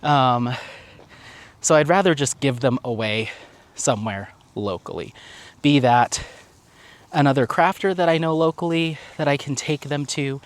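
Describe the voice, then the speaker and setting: A man's voice: mid-range voice, a little slow, pauses often. A man vlogging casually while out on a walk, talking in a rambling, chatty way and laughing often. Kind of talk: casual walk-and-talk vlog. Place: outdoors on a walk.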